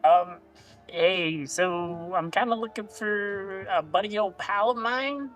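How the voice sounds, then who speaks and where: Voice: mid-range voice, slow, a bit bright, soft background music. A player in a tabletop game who talks hesitantly with many restarts. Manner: hesitant, stammering.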